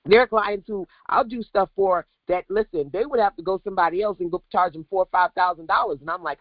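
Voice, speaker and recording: A woman business coach on a livestream, talking in an animated, preachy way straight to her viewers. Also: mid-range voice, fast talker, few pauses, dry recording, muffled recording.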